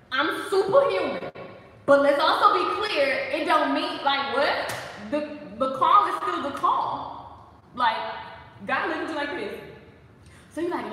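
Bright, animated woman preaching in an echoey room. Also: very high voice, recorded from a distance, a little hiss or hum. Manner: animated, playful, preachy with laughs. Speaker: faith talk host. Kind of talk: casual devotional talk.

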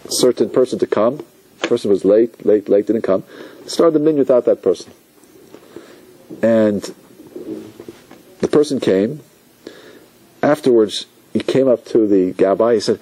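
A man's voice: medium pitch, breathy edge. A man teaching as a rabbi, giving a Torah lecture and acting out the voices and thoughts of the people in his examples. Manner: animated, acts out inner voices and quotes.

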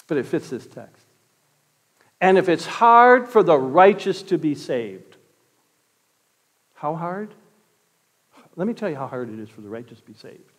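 A man preaching a sermon as pastor, impassioned, swinging from loud exclamations to hushed tones. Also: fairly high pitch. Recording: long reverb of a church hall.

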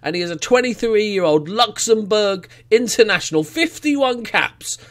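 A man casually commentating his football management game, getting excited, cheering goals and swearing now and then. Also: high-pitched, unhurried. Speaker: let's play gamer.

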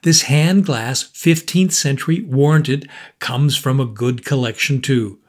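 A man's voice: mid-range voice, measured pace, lightly acted. A man reading a storybook voices an old shop dealer with a dry, biting, impatient manner. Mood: wheedling. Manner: sharp, impatient, chuckling.

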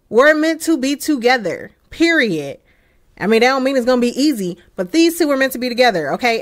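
A young woman hosting a life-sim let's play, giving casual, chatty and emphatic gameplay commentary with excited bursts. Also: high-pitched, normal speed.

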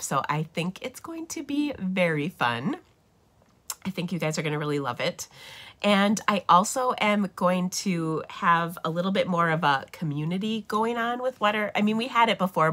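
A middle-aged papercraft livestream host with a low, somewhat bright voice chats in a casual, excited way. She leans on fillers and sounds a bit nasal because she isn't feeling well.

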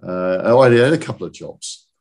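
Older man in his sixties, low voice; casual guest spinning loose, anecdotal stories. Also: animated, quick pace, a little mellow. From southern England. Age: 60s. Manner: rambling anecdotal storyteller, often checks in with "okay?". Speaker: guest, industry chief executive. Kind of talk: casual podcast chat.

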